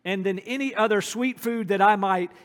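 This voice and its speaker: A pastor preaching a sermon in a church, earnest and emphatic, slowing his phrases to stress key points. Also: high-pitched, fairly bright tone. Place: church sanctuary. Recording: long hall reverb.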